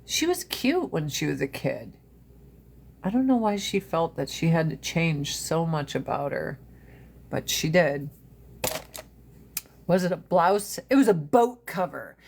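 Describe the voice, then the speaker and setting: A woman's voice: deep voice, sing-song, unhurried, creaky, pauses often, a little mellow. Profane, laughing woman chatting on a live stream. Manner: profane, laughing, mimics family in funny voices. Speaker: livestream host. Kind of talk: casual chat on a live stream. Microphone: phone.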